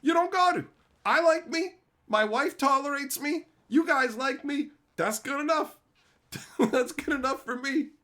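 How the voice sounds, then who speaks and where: A man's voice: extremely high pitch, a little slow. A man streaming about card games, ranting bluntly and profanely in a casual monologue, laughing often. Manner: animated storytelling, laughs often.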